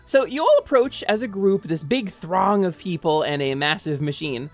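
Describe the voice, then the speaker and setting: Woman game master, lively pitch, playful narration for tabletop stream. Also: normal speed, soft background music. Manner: playful, animated storytelling.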